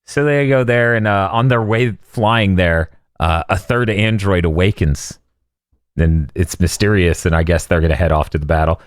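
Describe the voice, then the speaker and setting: A man's voice: low voice, normal speed, no room sound, studio quality. A man co-hosting a podcast, casually recapping a film and acting out its lines with bursts of laughter. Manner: animated storyteller who acts out lines with laughter. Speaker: podcast co-host.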